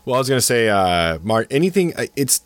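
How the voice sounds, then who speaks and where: A man's voice: mid-range voice, very animated, fairly quick, no echo. A man in his forties, a podcast co-host, telling a profane, rambling story full of restarts in casual chat. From Eastern Washington, USA.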